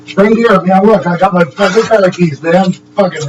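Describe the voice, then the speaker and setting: Talking from a distant mic, the livestream host has a high-pitched voice and a moderate pace, with hardly any pauses. He swears constantly and chuckles between sentences in a rambling, casual chat. A steady background hum is audible.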